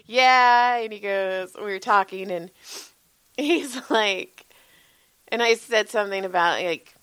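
Woman, 40s, lively profane storyteller, acts out quotes with laughter, dry mic. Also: mid-range voice, takes it slowly, clean tone, no room sound. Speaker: podcast co-host, massage therapist. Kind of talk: casual storytelling chat.

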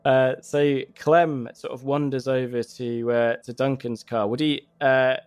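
A man narrating as game master in a laid-back, halting way. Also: medium pitch, level tone, clean tone, no room sound.

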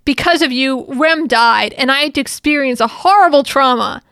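A cocky young anime hero full of boastful bravado, as a woman reads his lines aloud. The voice sits a little high, with a bright, clean ring. It is close and dry. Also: normal speed, no echo.

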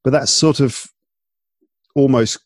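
A tired man with an English accent talks in a loose, halting way, stopping and restarting his sentences. His voice sits at an everyday middle pitch, and the recording is very dry and close. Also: steady tone, dry recording. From England. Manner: halting, many restarts and fillers. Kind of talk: casual chat. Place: home in Paris at night.

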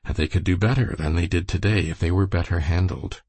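A man's voice: low voice, a little fast, darkish tone, husky, no echo. A man voicing a proud, wrathful young man speaking curtly in a storybook reading. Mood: stern. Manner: curt and stern.

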